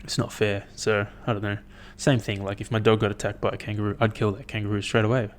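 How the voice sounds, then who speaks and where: A young man hosting his own podcast, chatting in a rambling, profane, animated way as he tells stories. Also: lowish voice, quick pace, a little hiss or hum. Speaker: podcast host. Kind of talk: casual solo podcast chat.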